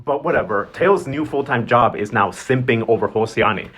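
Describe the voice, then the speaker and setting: A man hosting a casual, slangy recap, animated and gossipy and swearing freely. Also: medium pitch, normal speed, slightly rough. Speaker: novela recap host.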